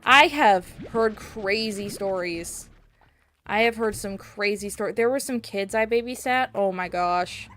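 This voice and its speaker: A woman's voice: medium pitch, unhurried, a bit bright, slight background noise. A young woman streaming a video game, chatting casually and rambling, with sudden squeals at the game. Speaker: VTuber streamer. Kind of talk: casual gameplay chat.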